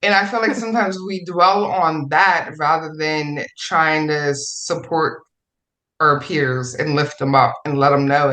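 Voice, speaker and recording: A woman's voice: low-pitched, a little slow, fairly bright tone, roomy sound. A woman on a podcast panel, talking in a casual, effusive way, repeating phrases for emphasis. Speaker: fellow writer on a podcast panel.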